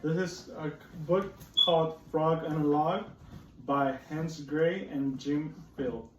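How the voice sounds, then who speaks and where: A man's voice: fairly high pitch, fairly even intonation, slow, fairly bright tone, far from the mic. Man, patient phonics teacher, reading aloud and quizzing children, roomy echo, faint noise. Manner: patient, explains rhymes and asks questions. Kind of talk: read-aloud phonics lesson.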